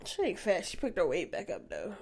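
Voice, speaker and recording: A woman co-hosting a podcast from home, chatting casually in a laid-back, soft-spoken way. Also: lowish voice, huge pitch swings, a little fast. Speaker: podcast co-host. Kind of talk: casual chat.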